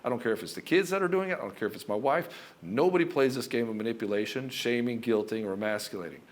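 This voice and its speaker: A middle-aged man giving relationship advice as a coach, talking forcefully and emphatically and swearing freely. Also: medium pitch, fast. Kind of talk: direct-to-camera advice monologue.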